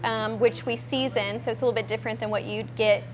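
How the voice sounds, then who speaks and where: A woman's voice: on the high side, fairly even intonation, quick pace, a little hiss or hum. A woman who owns a restaurant, answering interview questions in a friendly, casual way and often saying "like" and "um". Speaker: restaurant owner. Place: restaurant kitchen.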